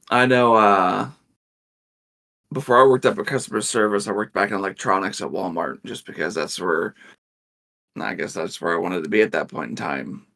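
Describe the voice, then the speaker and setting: Gravelly animated male podcast storyteller. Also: on the low side. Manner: animated storyteller acting out voices in his anecdotes; laughs often. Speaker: podcast co-host. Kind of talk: casual chat, storytelling.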